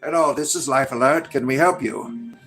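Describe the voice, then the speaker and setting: A man as a brisk, polite hotline operator. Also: medium pitch, a bit bright, soft background music, lightly acted. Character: polite male emergency-line operator.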